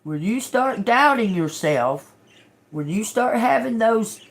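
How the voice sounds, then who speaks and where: A woman's voice: fairly high pitch, expressive, slow. A woman giving a casual tarot reading to her viewers, blunt and emphatic, cursing freely and often checking in with "okay?". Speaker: tarot reader.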